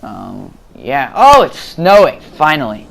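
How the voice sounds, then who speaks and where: A man's voice: medium pitch, huge pitch swings, slow, gravelly, fairly bright tone. Rambling man narrating game footage. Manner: rambling, full of fillers and restarts. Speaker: gameplay commentator. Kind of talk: casual voice-over commentary on gameplay footage.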